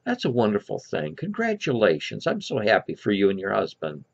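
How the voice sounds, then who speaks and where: A man's voice: on the low side, wildly swooping pitch, brisk, creaky, slightly rough, voice pushed down, heavily acted. Man playing a folksy chicken farmer. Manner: folksy, plain-spoken. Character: polite middle-aged male chicken farmer. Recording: lo-fi dull recording.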